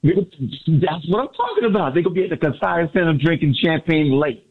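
A man calling a sports radio show, excited and boastful, repeating his points. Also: fairly high pitch, fairly quick, breathy edge. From Miami area. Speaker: caller. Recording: phone line.

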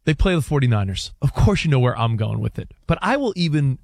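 A man co-hosting a sports talk show, excitable and quick to jump in with his point. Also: medium pitch, gravelly, no room sound. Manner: excitable, jumps in and interrupts. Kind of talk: lively sports radio banter.

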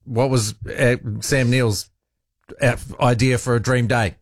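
A man's voice: medium pitch, steady tone, takes it slowly, no echo, clean studio sound. A male radio host, chatting affably with a caller. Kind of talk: radio talk show.

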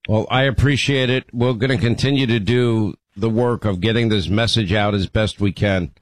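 A man's voice: on the low side, normal speed, no room sound, poor audio. A man hosting a call-in radio show, talking to callers in a conversational way and often restarting his sentences. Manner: conversational, repeats words when restarting. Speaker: radio talk show host. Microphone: studio microphone.

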